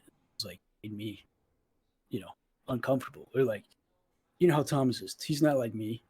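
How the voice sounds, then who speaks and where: A husky-voiced man in his twenties hosts a podcast, telling a long story in a loose, casual way. He swears often and acts out what each person said in the argument. His voice sits at an ordinary pitch and sounds dry and close to the mic. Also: brisk, pauses often, darkish tone, dry recording. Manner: profane, retells arguments with quoted dialogue. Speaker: podcast host.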